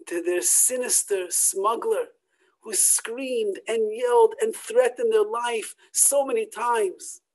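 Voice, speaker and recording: A Torah teacher telling a story in a sermon, swinging from loud emphatic peaks to hushed near-whispers. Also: medium pitch, low-quality recording.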